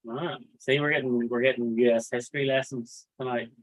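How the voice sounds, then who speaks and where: Talking a little fast in a medium-pitched voice with fairly even intonation, a man hosts a laid-back livestream. He rambles, curses freely and reads chat messages out loud, and the recording has a tinny, phone-like quality.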